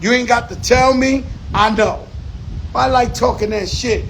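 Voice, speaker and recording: A man's voice: very high voice, fairly even intonation, unhurried, gravelly, fairly bright tone, slight background noise, rough recording. A man talking casually outdoors, rambling and profane, repeating phrases for emphasis. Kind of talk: casual monologue. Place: outdoors on an island.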